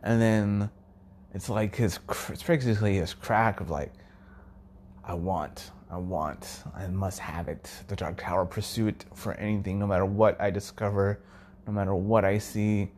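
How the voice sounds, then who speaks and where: A man's voice: lowish voice, steady tone, unhurried, darkish tone, a little hiss or hum. A man hosting his own podcast, musing casually and enthusiastically in a rambling way that often trails off, at times dropping to a near-whisper. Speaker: podcast host.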